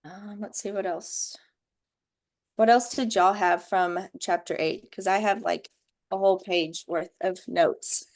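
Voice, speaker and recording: A woman sharing book notes in a casual video-call discussion, unhurried and thoughtful, with many ums. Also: mid-range voice, steady tone. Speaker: book study participant.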